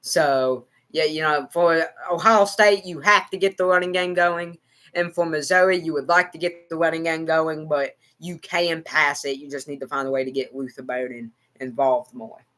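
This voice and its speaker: With a slightly high, sharp voice at normal speed, a man with an American country accent reacts live to a football game on stream. He rambles, repeats himself, and talks directly to his chat.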